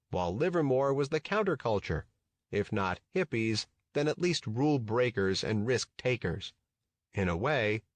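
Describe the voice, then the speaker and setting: A man with a low voice reads a first-person memoir as audiobook narration, at a measured and even pace. The sound is dry and close, with no room around it. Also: dry recording.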